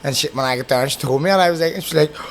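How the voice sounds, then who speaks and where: A man with a Belfast accent hosting a podcast, telling rough, swear-filled anecdotes in casual chat. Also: a little high, rapid-fire, a little hiss or hum. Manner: swears constantly, animated anecdotes. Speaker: podcast host.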